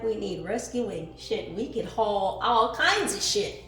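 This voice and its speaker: A woman giving a spiritual card reading, her voice of middling pitch rising from calm musing to loud, fired-up outbursts. She is recorded in an echoey room with soft music behind her. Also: slow. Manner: reads affirmations aloud, laughs and swears casually. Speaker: tarot reader.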